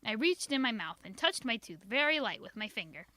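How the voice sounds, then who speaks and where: A woman reading a children's book aloud in an expressive, sing-song storytelling manner. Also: a little high, a little fast, dry recording. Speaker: reader.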